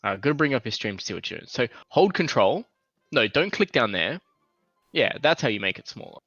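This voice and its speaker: A young man explaining game software as game master, patient and a bit hesitant. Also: medium pitch, sing-song, brisk, dry recording. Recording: slightly dull, faint music.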